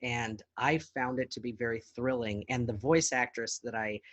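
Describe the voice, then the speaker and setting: A man in his forties, an actor talking as a guest in a casual interview, animated and laughing easily. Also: medium pitch, normal speed, no room sound, lo-fi sound. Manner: animated, laughs easily, slips into accents for jokes. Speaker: actor and podcast producer, guest.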